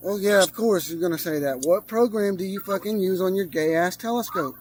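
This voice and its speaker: A man's voice: sits high, fairly quick, slight background noise, low-quality recording. A male livestreamer in a heated online debate, aggressive and profane, hammering the same demand over and over.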